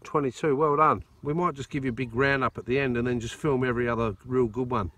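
A man's voice: mid-range voice, fairly even intonation, fast talker, fairly bright tone. An Australian man hosting a metal detecting outing outdoors, chatty and joking, filmed on a phone. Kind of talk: casual chat. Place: dry field outdoors. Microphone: phone camera.

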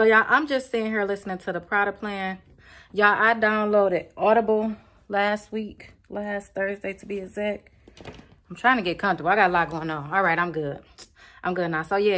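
A woman's voice: mid-range voice, sharp tone. A young woman, rambling casually to her viewers and calling them y'all. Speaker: vlogger. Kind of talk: casual chat to camera.

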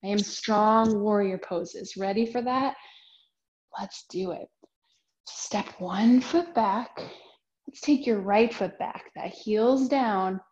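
A young woman teaching yoga to children, giving slow, encouraging cues in a sing-song way and now and then making animal sounds. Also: mid-range voice, darkish tone. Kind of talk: guiding a children's yoga class. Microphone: camera mic. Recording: dull lo-fi home video sound.

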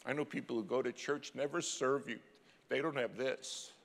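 A middle-aged man preaching a sermon as a dramatic story, swinging from loud cries to hushed, near-whispered lines. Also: medium pitch, fairly even intonation, moderate pace, gravelly. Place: church sanctuary. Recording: long church hall reverb.

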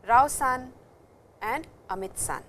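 A middle-aged woman with an Indian English accent giving a patient, explanatory classroom lecture, repeating terms slowly. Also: high-pitched, a bit bright, slight background noise. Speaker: Japanese language teacher.

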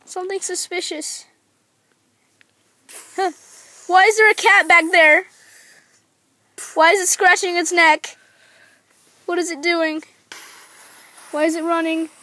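A woman plays a frightened lady creeping through the dark with a flashlight, nervous and full of questions. Her voice is very high and bright, with slow, hesitant delivery over a faint hiss. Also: steady tone, dry recording, exaggerated voice. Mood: scared, questioning. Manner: nervous, keeps asking questions.

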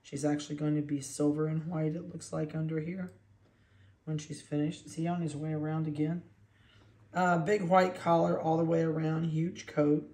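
A chatty dog breeder talks easily while handling puppies and slips into cooing baby talk. The voice sits at a mid pitch. The recording has a roomy echo, as if made in an indoor kennel room. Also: little pitch movement, normal speed, warm tone.

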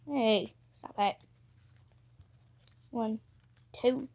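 Slow-talking high-voiced woman chatting. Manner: chatty, muttering to herself, bursts of excitement. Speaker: card-opening vlogger. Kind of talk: casual chat while opening cards.

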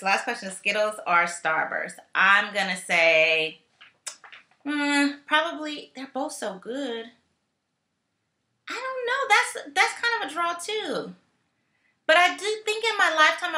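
A woman's voice: fairly high pitch, sharp tone. A woman vlogger chatting casually and playfully through a question tag video, with slangy asides. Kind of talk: casual chat. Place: home in California. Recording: echoey room.

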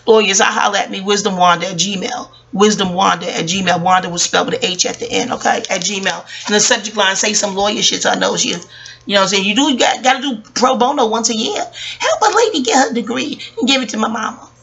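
Woman vlogger, forties, sharp bright tone, profane rambling rant, jokey asides. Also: medium pitch, a little fast, gravelly. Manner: passionate, swearing, rambling and joking.

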